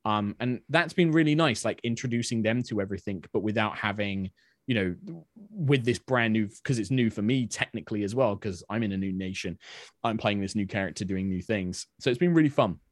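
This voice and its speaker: A man chatting casually as a podcast guest, animated, with many restarts. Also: fairly low pitch, fairly quick, no echo, studio quality. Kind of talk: casual chat.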